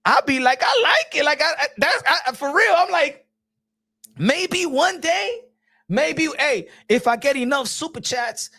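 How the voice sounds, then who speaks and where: A man giving casual livestream commentary, animated and rambling, with frequent restarts, laughs and bursts of shouting. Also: very high-pitched, unhurried, gravelly. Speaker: boxing commentary streamer.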